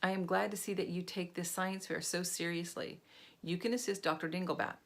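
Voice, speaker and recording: A woman voicing a patient, friendly schoolteacher while reading a storybook aloud, in a calm, even delivery. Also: fairly low pitch, a little fast, lightly acted.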